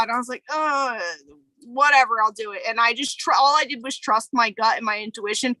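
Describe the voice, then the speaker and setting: A woman with a bright, forceful voice, pitched a little high, talks casually on a podcast. Her storytelling is candid and emotional, full of fillers, and her sound is dry and close. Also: brisk, dry recording, rough recording. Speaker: podcast co-host. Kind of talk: casual chat.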